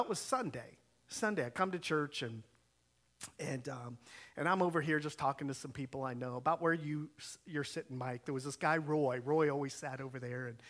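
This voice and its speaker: A man preaching a sermon as a pastor, telling a story with lively quoted dialogue, his voice rising and falling as he acts out each part. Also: a little high. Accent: Ohio. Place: church sanctuary.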